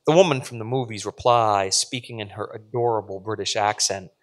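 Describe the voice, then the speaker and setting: Guy reading his own story out loud to a crowd, pretty dramatic. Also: lowish voice, fairly quick. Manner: vivid, dramatic narration. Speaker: author. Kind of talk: reading fiction aloud to an audience. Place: live event at a literary venue.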